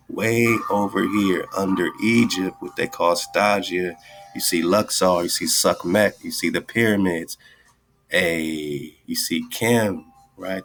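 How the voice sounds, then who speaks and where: A man's voice: sits low, creaky. A man hosting a radio talk show, rambling through ideas in casual commentary and tagging his lines with "right?" and "man". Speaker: radio host. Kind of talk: casual esoteric commentary over screen share.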